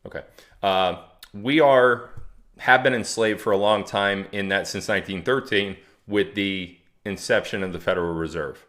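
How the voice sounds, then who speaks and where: A man's voice: lowish voice, normal speed, a bit bright. A man hosting a casual livestream, talking to his chat in a chatty, mocking way and reading viewer comments aloud. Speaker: livestream host.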